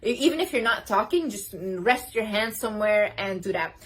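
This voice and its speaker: A woman's voice: medium pitch, animated, moderate pace, fairly bright tone. A young woman giving a casual, emphatic motivational talk to camera, gesturing as she speaks. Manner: emphatic, talks with hand gestures.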